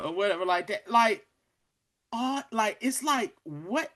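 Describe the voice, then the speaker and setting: The young co-host's voice sits high and sounds a bit bright, with a sing-song lilt and a slightly slow delivery. Casually recapping a show for his podcast, he retells scenes animatedly, using slang and acting out quotes.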